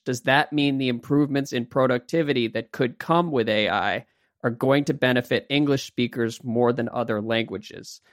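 Relaxed podcast host, mid-pitched man. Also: dry recording, clean studio sound. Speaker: podcast host reading listener questions. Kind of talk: casual podcast chat.

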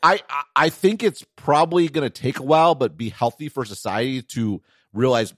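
A middle-aged man from Wisconsin with a Wisconsin accent, co-hosting a tech podcast in animated casual chat, full of restarts and quick "right?" checks. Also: medium pitch, dry recording, studio quality. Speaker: podcast co-host, tech analyst.

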